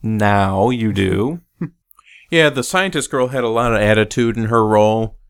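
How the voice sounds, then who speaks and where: Smooth-voiced man, lively movie chat. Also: fairly low pitch, a little slow. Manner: animated storytelling, acts out quotes. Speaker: podcast co-host. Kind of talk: casual movie-review chat.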